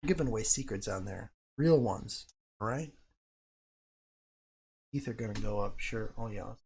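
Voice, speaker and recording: Man, live-stream host, casual chat with viewers, excitable and foul-mouthed. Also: fairly low pitch, normal speed, vocal fry, slight background noise. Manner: profane, excitable, talks to chat. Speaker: livestream host. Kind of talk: casual live-stream commentary on crypto charts.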